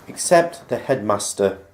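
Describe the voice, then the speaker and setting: A man's voice: a little high, slight background noise. Man telling a rambling anecdote. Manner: rambling anecdote, acting out remembered dialogue. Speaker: vlogger. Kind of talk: casual personal storytelling. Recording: roomy echo.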